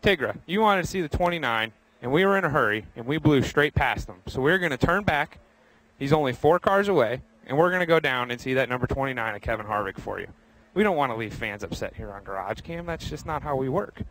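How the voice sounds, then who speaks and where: A man's voice: medium pitch, animated, fast talker, a bit bright, poor audio. A young man hosting a live walking tour of a racetrack garage, chatty and upbeat, speaking to viewers by name while he walks outdoors. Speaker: host.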